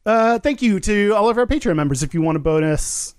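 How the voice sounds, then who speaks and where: A podcast co-host chats casually, his high-sitting male voice full of lively intonation at a slightly quick clip. His tone is clear and resonant, recorded dry with studio quality, and he rambles with plenty of fillers and frequent laughter.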